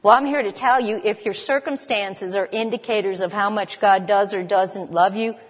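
A woman's voice: mid-range voice, big-room sound. A woman preaching a sermon in a conversational, emphatic way, often asking her listeners questions. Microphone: camera.

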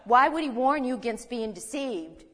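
A woman's voice: a little high, animated, moderate pace, pushed and bright. Older woman teaching in a long-echo hall. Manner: folksy, chuckling asides and rhetorical questions. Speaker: Bible teacher. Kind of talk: conversational Bible teaching. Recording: reverberant hall.

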